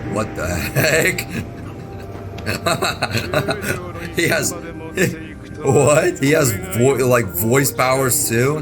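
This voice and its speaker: A young man giving casual reaction commentary, excitable and rambling, with slangy exclamations, recorded on an earbud mic. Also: fairly low pitch. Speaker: reaction video host. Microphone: wireless earbud mic.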